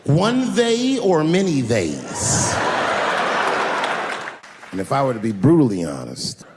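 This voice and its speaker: A man's voice: mid-range voice, slow pace, long reverb tail, over a noisy crowd, heavy background noise. A man performing a stand-up comedy routine on stage, telling stories and acting out other voices. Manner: animated storytelling, acts out other voices. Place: stage before a live audience.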